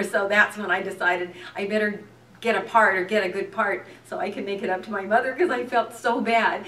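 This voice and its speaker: A woman who works as an actress, chatting casually as a guest and telling lively stories with frequent laughter. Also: medium pitch, moderate pace. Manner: animated storyteller, laughs often. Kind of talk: casual chat. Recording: echoey room, distant mic.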